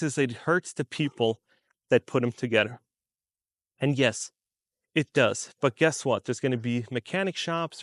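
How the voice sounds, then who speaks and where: Guy rambling through his opinions, kinda high voice, lots of "you know", dry close sound. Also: no room sound. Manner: rambling, restarts often, many "you know"s. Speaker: video creator. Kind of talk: casual opinion monologue.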